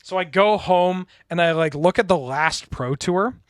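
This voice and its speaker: A man's voice: high voice, unhurried, dry recording. A man co-hosting a podcast, telling stories in casual chat and laughing often. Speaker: podcast co-host. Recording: dry close studio sound.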